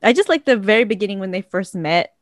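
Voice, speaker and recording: Animated, giggly woman chatting casually. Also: medium pitch, quick pace, no echo, studio quality. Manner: animated and giggly, acts out reactions. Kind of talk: casual chat.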